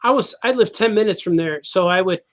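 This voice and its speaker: A man's voice: high-pitched, a little fast. A man, a cartoonist guest on a podcast, telling a casual anecdote, laughing often and acting out the people in his story.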